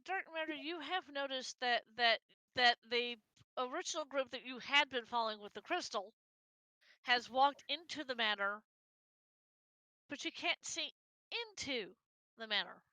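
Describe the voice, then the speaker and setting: A woman narrating a tabletop game as game master, halting and repeating words as she thinks. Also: sits high, pushed and bright, no room sound, rough recording.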